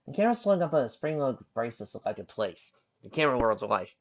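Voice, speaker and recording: A man narrating a story aloud in a plain reading voice, stumbling over a word now and then. His pitch moves around quite a bit. The recording is dull and lo-fi. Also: fast talker, hardly any pauses. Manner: plain, even narration with slips and restarts. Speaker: reader. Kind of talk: storybook reading of fan fiction.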